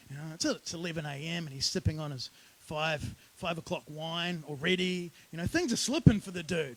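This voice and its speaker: A man's voice: a little high, normal speed, low-quality recording. A man preaching a sermon as pastor, in a casual, conversational storytelling manner.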